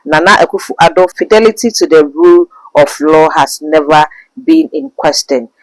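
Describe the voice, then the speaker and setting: A man's voice: on the high side, normal speed, dry recording, low-quality recording. A man hosting a talk show, chatting and reading statements aloud. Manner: reads documents aloud, conversational.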